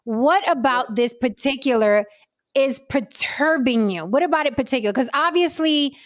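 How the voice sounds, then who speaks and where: A woman's voice: high-pitched, animated, normal speed, no echo, clean studio sound. A woman hosting a podcast, probing her co-hosts with teasing questions in casual chat. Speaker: podcast host.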